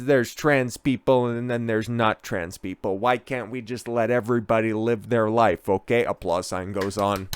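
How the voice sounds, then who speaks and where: A man's voice: mid-range voice, smooth, no echo. A man hosting his own online commentary show, ranting in a crude, sarcastic, profane way.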